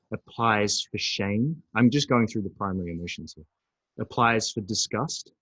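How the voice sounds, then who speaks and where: A man presenting a recorded webinar on emotions, animated and acting out angry outbursts. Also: mid-range voice, no room sound, rough recording. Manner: animated, acts out angry voices.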